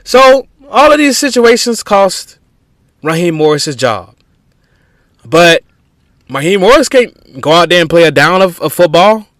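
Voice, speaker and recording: A man's voice: sits high, sing-song, unhurried, pauses often, fairly bright tone, no room sound. A man hosting a podcast, giving opinionated sports commentary in an emphatic, conversational way with frequent restarts. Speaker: podcast host.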